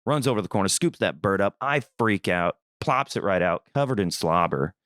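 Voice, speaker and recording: A young man from Missouri hosting a podcast, telling a rambling, animated story in a casual, swearing manner. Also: lowish voice, normal speed, no room sound, studio quality. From Missouri, USA. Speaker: podcast host.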